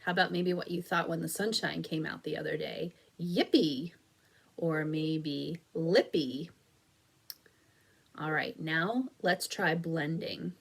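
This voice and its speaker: Woman teacher, low-pitched, unhurried; a patient, encouraging phonics lesson for small children with words stretched out slowly. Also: steady tone, vocal fry. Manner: slow, stretched-out clapping of syllables.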